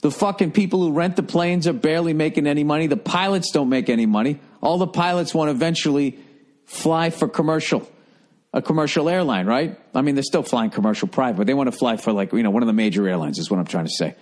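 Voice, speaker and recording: A man's voice: a little high, quick pace, a little mellow. A man hosting a comedy podcast, telling a rambling, profane story in a casual monologue. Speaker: podcast host.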